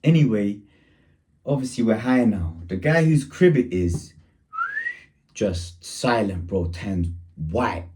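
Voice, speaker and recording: A man's voice: fairly low pitch, animated, slow, pauses often, darkish tone. A young man telling a rambling, slang-heavy story in a casual storytime.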